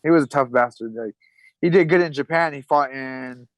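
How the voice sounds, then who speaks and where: A man's voice: medium pitch, moderate pace, dry recording, low-quality recording. A man in his thirties, a podcast guest, telling stories in a loose, rambling way full of fillers and restarts. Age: 30s. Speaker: podcast guest, retired pro fighter. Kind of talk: casual chat.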